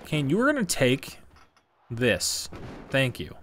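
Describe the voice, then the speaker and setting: A man's voice: medium pitch, wildly swooping pitch, takes it slowly, a bit bright, a little hiss or hum. A man giving casual commentary over a wrestling video game, swearing and heatedly trash-talking his opponent. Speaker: gaming channel host.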